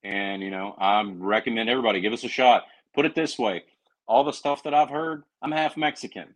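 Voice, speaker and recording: A Southern-accented man with a mid-range voice speaks fairly quickly as a podcast guest, rambling earnestly and restarting often. It's casual podcast chat, and the audio quality is poor.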